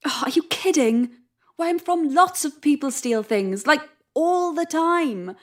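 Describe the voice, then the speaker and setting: An actress playing a sarcastic, sharp-tongued young woman who swears often and stays defiant while frightened. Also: sits high, lively intonation, unhurried. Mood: wry. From Wales. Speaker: traveler at a strange customs desk. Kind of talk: audio drama acting.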